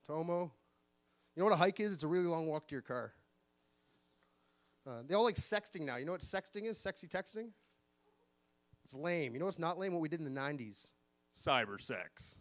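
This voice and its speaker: A man in his forties doing an open-mic stand-up set, delivering deadpan one-liners with sudden pitch jumps on the punchlines. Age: 40s. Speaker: stand-up comedian. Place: live comedy venue.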